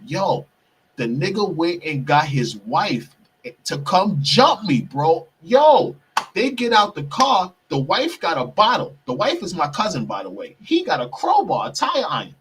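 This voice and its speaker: A man's voice: high-pitched, sing-song, measured pace, a bit bright. A man hosting a podcast, telling a heated personal story, profane and repeatedly calling out to his listeners as "people". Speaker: podcast host. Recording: distant mic, husky sound.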